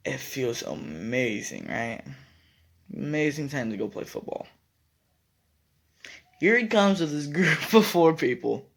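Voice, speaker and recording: A man's voice: on the high side, sing-song, slow pace, gravelly, pauses often, fairly bright tone. A young man casually telling a school story to his viewers, rambling and correcting himself as he acts out what others said. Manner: rambling, self-correcting, acts out quoted lines. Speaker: vlogger.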